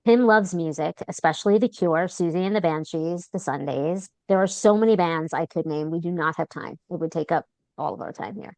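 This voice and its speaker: A woman's voice: on the low side, fairly quick, a little mellow, dry recording. A woman in her fifties from Long Island interviewing an old friend over a video call, speaking fondly and laughing often. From Long Island, New York. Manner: fond, laughing, list-like tributes. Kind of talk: warm, affectionate conversational interview.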